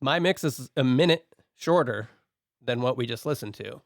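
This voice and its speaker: A man with a medium-pitched voice works through a list of notes in a relaxed, methodical podcast chat. The sound is close and dry, with no room around it. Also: normal speed, dry recording. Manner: methodical, talks through his notes point by point. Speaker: podcast co-host and song producer. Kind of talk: casual podcast discussion.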